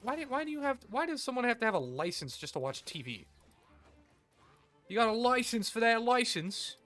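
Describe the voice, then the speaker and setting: A man's voice: extremely high pitch, very animated, a little fast, fairly bright tone, soft background music. A man streaming a game, chatting casually with crude jokes and rambling asides. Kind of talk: casual gameplay commentary.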